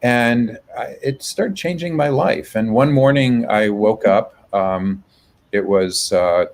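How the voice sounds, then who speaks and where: A man being interviewed over a video call, telling a personal story in a reflective, halting way. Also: medium pitch, low-quality recording. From United States. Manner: reflective, halting, with soft restarts. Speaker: guest, public health professor.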